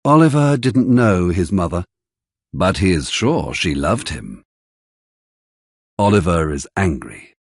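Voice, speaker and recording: A man narrating a graded-reader storybook slowly and carefully, with an expressive, husky voice. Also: low voice. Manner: careful, deliberate, expressive delivery. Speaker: audiobook narrator.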